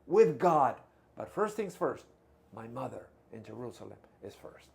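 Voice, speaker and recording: A man's voice: medium pitch, very animated, measured pace, vocal fry, darkish tone, voice pushed down. A man voicing a devoted young missionary who firmly declares his family comes first. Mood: resolute. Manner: resolute declarations.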